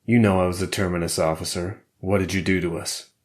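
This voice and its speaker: A man's voice: low voice, fairly even intonation, brisk, natural voice. A man voicing a hardened ex-intelligence operative in a thriller audiobook, clipped and matter-of-fact. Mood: grim. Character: hardened male ex-CIA operative, grim and cold.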